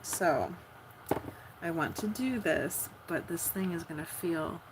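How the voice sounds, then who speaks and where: Very slow, soft-spoken giggly woman. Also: fairly low pitch, noisy background. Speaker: livestreamer. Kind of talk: late-night sleep livestream chat. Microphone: phone.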